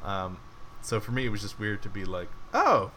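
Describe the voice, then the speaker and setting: A man's voice: lowish voice, fairly even intonation, brisk, crowd noise. A man co-hosting a casual review podcast, rambling with lots of "like"s and laughing often. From United States. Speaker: podcast co-host.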